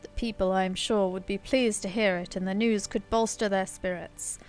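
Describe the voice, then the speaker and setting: A woman reading aloud the lines of a grave old male wizard in a fantasy game, in a measured, solemn way. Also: medium pitch, steady tone, darkish tone, faint music behind, natural voice.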